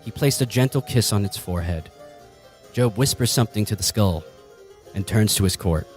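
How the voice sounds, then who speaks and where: A man's voice: fairly low pitch, normal speed, soft background music. A man narrating as game master in a mock-grand style.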